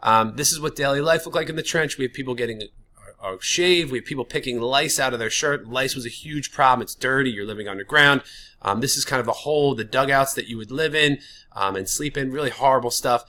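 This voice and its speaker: A man's voice: medium pitch, fairly quick, bright, forceful tone. A man teaching a history lesson in a casual, chatty way, often using filler words. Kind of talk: classroom lecture.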